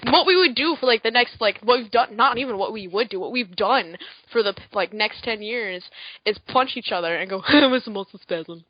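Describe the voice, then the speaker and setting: A woman's voice: on the high side, expressive, dry recording. Rambling woman on a lo-fi podcast mic. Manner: rambling, filler-heavy, quick asides. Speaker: podcast co-host. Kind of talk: casual chat.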